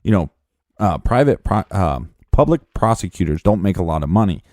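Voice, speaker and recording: A man's voice: low-pitched, very animated, fairly quick, darkish tone, dry recording, studio quality. A man co-hosting a true crime podcast, reacting with blunt, indignant commentary. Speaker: podcast co-host.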